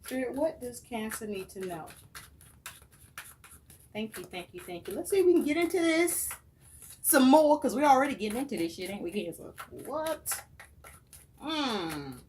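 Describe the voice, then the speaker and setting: A woman's voice: a little high, sing-song, brisk, long pauses, a little mellow, a little hiss or hum. A woman giving a tarot reading in a casual, profane and emphatic way, speaking straight to the viewer. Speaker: tarot reader.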